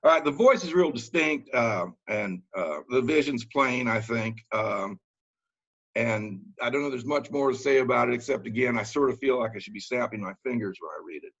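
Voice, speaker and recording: A man's voice: mid-range voice, breathy edge. Man reading and talking poems, lo-fi. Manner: relaxed, halting commentary with many fillers. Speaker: workshop leader.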